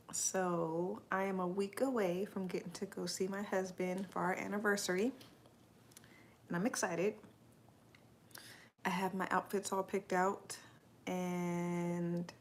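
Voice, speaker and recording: A woman's voice: on the low side, a little hiss or hum. A young adult woman chatting casually on a live stream, rambling and answering viewers' comments as they come in.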